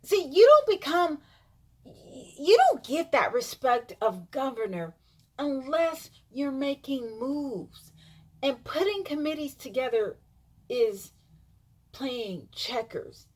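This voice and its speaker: A woman's voice: sits high, big pitch swings, slow pace, husky. A woman vlogging an emphatic, insistent opinion monologue, repeating herself for emphasis.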